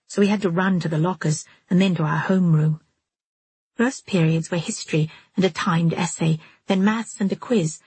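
Woman audiobook narrator, low and husky, steady delivery. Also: no echo. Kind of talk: scripted first-person narration.

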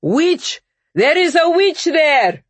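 A cruel, gloating male bear demon from a dark storybook, speaking low and slow with a husky edge, as the narrator puts him on. Each threat is weighed out with heavy menace. The voice sits close and dry. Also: very animated, dry recording, full character voice. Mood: shouting.

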